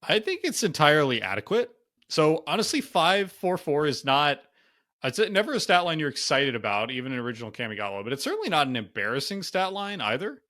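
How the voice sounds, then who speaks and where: Guy cohosting a card review podcast, talks with a lot of um and like, really animated pitch. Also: fairly quick. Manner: animated, thinks aloud with many fillers. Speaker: podcast co-host. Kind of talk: casual card game review chat.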